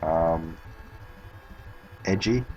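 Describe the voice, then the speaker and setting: A low, darkish voice moves very slowly through a muffled recording, faint music underneath. The speaker, an Australian man speedrunning on stream, gives rambling, casual commentary full of swearing and self-directed laughter.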